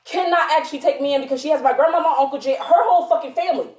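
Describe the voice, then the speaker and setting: A woman pushes back hard in a heated argument, her words spilling out defensively. Her voice is very high and rapid, with a roomy echo around it. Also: darkish tone. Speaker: partner in the argument. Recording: echoey room.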